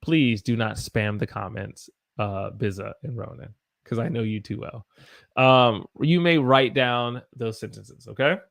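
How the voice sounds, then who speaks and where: A man's voice: medium pitch, a little slow, gravelly, a bit bright. A man from the United States teaching English on a live stream, tired after a long day and encouraging as he reads out viewer sentences and corrects them.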